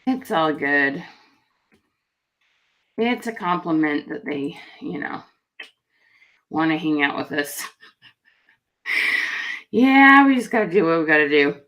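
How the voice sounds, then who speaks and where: A woman's voice: low voice, animated, takes it slowly, long pauses, a bit bright. A woman hosting a live online stream, chatting in a friendly way as she greets viewers in the comments. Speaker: livestream host.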